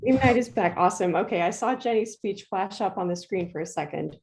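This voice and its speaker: A woman's voice: mid-range voice, lively intonation, brisk, darkish tone, rough recording. A woman hosting a club meeting, thanking and introducing speakers in a friendly, unscripted way. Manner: friendly, a bit flustered, unscripted.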